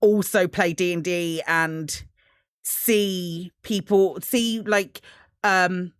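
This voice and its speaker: A woman's voice: on the low side, steady tone, extremely slow, smooth, no room sound, clean studio sound. A woman hosting a casual podcast chat, rambling with many restarts and ums. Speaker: host.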